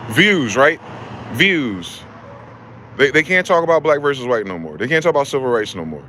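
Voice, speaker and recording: A man's voice: mid-range voice, big pitch swings, moderate pace, sharp tone, a little hiss or hum. A man delivering an angry, profane, confrontational rant that circles back to the same rhetorical questions. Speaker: vlogger. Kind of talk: angry ranting monologue.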